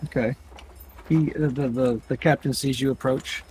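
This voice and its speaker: A man's voice: mid-range voice, fairly even intonation, normal speed, a little mellow, slight background noise. A man narrating as game master of a tabletop game, rambling with frequent restarts.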